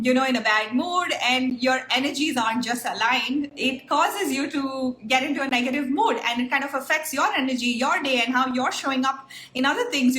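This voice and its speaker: A woman speaks in a high, bright, forceful voice. She talks earnestly to camera as a coach, filling her pauses with ums. The room around her adds a noticeable echo. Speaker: life coach. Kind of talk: casual talk to camera, teaching a method. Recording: roomy echo.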